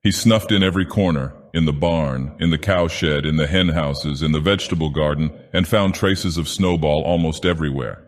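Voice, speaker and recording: A man narrating an audiobook in character as an ancient menacing god-villain, with a grave, deliberate delivery. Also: very deep voice. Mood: ominous. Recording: long hall reverb.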